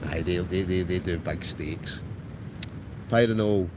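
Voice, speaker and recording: A man's voice: low voice, a little slow, background noise. A man with an Ayrshire Scottish accent, chatting casually on a livestream and answering viewers by name from a tent. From Scotland. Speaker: livestream host. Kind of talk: casual chat reading live comments. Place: tent outdoors in a storm at night.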